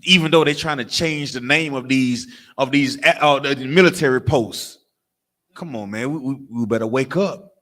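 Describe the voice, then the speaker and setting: A man's voice: medium pitch, moderate pace, a bit bright. A man with a Southern US accent leading a lesson, emphatic and repetitive, calling on others by name. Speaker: teacher leading a street class. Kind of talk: preaching lesson with asides.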